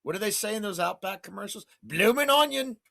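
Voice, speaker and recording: A man's voice: high voice, lively intonation, fairly quick, gravelly, sharp tone, full character voice. A man voicing a cheeky male kangaroo mascot with a put-on Australian accent. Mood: goofy. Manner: goofy, slangy, boisterous.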